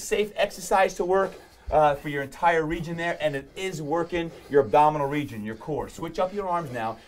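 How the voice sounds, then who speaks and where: A fitness trainer, a man, runs a quick workout demo with nonstop energy. His voice sits a little high for a man, and he keeps up a stream of cheerful encouragement. He calls out reps and tosses in pet names as he goes. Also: a little hiss or hum. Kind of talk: coaching a live workout demo.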